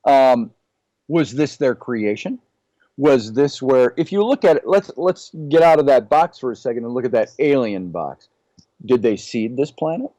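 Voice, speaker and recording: A man, a podcast guest, musing out loud and raising question after question in a casual discussion. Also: medium pitch, animated, normal speed, no room sound, rough recording. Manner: musing, poses many questions.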